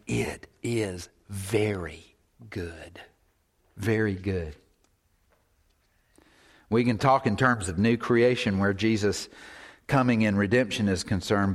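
A man preaching a sermon, repeating phrases for emphasis and at times dropping to a whisper. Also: fairly low pitch.

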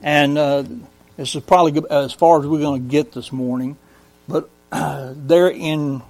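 A man teaching a Bible study in a conversational way, asking the congregation questions and reading scripture slowly. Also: fairly high pitch, fairly even intonation, a little mellow, no room sound. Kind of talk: sermon-style Bible teaching.

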